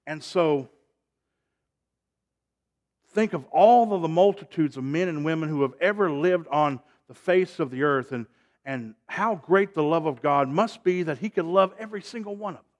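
Man preaching with big loud swings. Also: on the high side, lo-fi sound. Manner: swings from loud emphatic calls to quiet, drawn-out phrases; asks the congregation for responses. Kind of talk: sermon.

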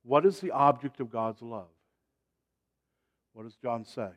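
A man preaching a sermon, swinging from loud, emphatic calls to quiet, drawn-out phrases and asking the congregation to respond. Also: medium pitch, expressive.

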